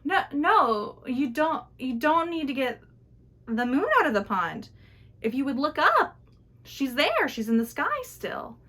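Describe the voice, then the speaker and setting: Lady putting on a loud amused young guy in a folktale, high and laughing at fools. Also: big pitch swings, normal speed, heavily acted.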